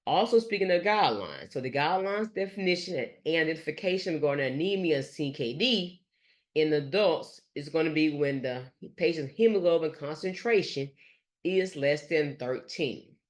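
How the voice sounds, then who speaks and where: A nurse educator giving a recorded lecture over slides, speaking haltingly and leaning on fillers and restarts. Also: mid-range voice, lively intonation. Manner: halting, with frequent fillers like "let's say" and "gonna".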